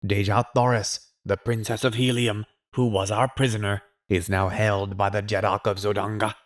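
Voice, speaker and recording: A man voicing a huge, proud male green Martian warrior chief addressing a council in a measured, commanding way. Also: lowish voice, a bit bright, natural voice.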